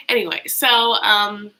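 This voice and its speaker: A woman's voice: medium pitch, bright, forceful tone, rough recording. A woman hosting a live reality-TV reaction, chatty and sarcastic with lots of rambling asides. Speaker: YouTube host.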